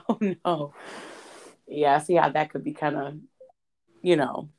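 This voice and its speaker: A woman's voice: low voice, fairly even intonation, unhurried, a little mellow. A woman in casual podcast chat, answering with brief, sympathetic reactions. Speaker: podcast guest.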